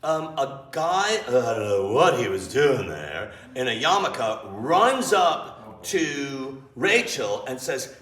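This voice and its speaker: A man with a mid-range voice talks slowly with few pauses, far from the mic in an echoey room with faint ambience. He's an improv teacher and interview guest sharing candid stories with a live audience in a small theater. Blunt and freely profane, he acts out scenes as an animated storyteller.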